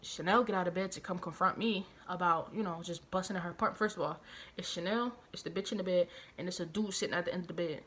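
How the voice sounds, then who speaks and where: A woman vlogger telling a personal story, animated and profane, hammering her points home through repetition and outraged disbelief. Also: on the low side, fast talker, a little hiss or hum. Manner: animated, profane, emphatic retelling with heavy repetition; outraged, incredulous. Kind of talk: storytime vlog.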